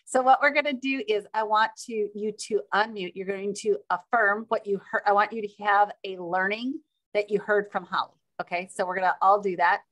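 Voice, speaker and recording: A woman hosting and moderating a video call, upbeat and chatty, with quick asides to the group. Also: mid-range voice, a bit bright. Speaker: meeting host and moderator.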